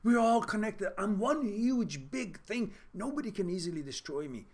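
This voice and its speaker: A man voicing a calm, rooted tree. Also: high voice, normal speed, pitched above the performer's own voice. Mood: serene.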